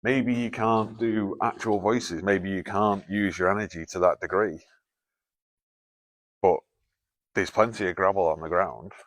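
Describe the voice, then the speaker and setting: A man's voice: low-pitched, fairly even intonation, a little slow, pauses often, fairly bright tone, no echo. A man hosting a night ghost hunt in a canal tunnel, joking, swearing freely and calling out to a spirit. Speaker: paranormal investigator host. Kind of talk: casual chat during a night investigation.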